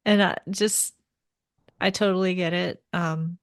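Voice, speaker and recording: A woman host of an interview podcast, speaking in short supportive replies and tidy wrap-up questions. Her voice sits a little low for a woman. The sound is dry and close, with no room echo. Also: flat delivery, measured pace. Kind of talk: casual interview chat.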